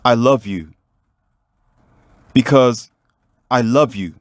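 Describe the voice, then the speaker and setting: A man's voice: mid-range voice, slow, no room sound, natural voice. Man as an earnest devoted brother, insistent, dry sound. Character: devoted young brother who nearly drowned.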